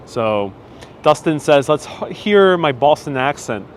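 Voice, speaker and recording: Sing-song and fairly high, this man's voice moves a little slowly as he leads a live walking tour outdoors in the city. Stuffy-nosed and chatty, he laughs frequently and reads out viewers' comments in casual stream talk, recorded on a wireless clip-on mic with faint street noise.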